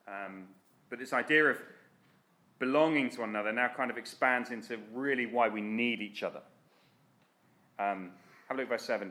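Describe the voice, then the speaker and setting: A man's voice: medium pitch, brisk, sharp tone. A man preaching a sermon in an earnest, direct, exhorting way.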